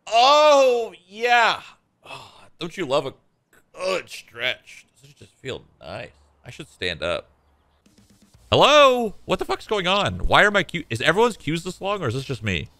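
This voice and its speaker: Chill guy streamer cracking jokes and cursing, bright voice that moves around a lot, dry sound. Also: medium pitch, very animated, normal speed, no echo, faint music behind. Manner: laid-back, joking, swears often. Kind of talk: casual gameplay commentary.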